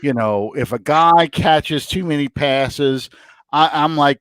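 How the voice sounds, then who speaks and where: A middle-aged man co-hosting a casual sports chat from home, rambling and excitable as he tells his stories. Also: fairly high pitch, takes it slowly, clear, resonant tone, dry recording. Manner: excitable, rambling, animated storyteller. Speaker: podcast co-host. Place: home, room with a TV.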